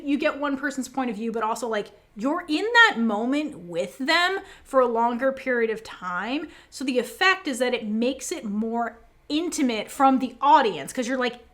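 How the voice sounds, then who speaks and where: A woman co-hosting a podcast, chatting casually and animatedly with lots of fillers as she recaps scenes. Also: fairly high pitch. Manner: animated, fast, many fillers, quotes characters. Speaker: podcast co-host.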